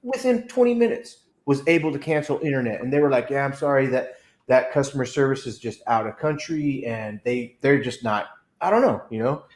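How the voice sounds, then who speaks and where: A man co-hosting a casual livestream chat, telling profane, animated stories and slipping into put-on voices. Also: mid-range voice, brisk, echoey room. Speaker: co-host.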